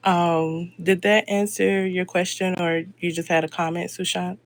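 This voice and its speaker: A man with a somewhat high voice leads a training meeting and walks through a procedure. He speaks slowly and steadily, with little rise and fall in his tone. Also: little pitch movement, creaky, slight background noise. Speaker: training lead in an online meeting.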